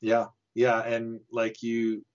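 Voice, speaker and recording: A man's voice: medium pitch, completely flat delivery, slow, lo-fi sound. A man co-hosting a podcast, musing hesitantly about a film as he thinks aloud. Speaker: podcast co-host. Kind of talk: casual film discussion.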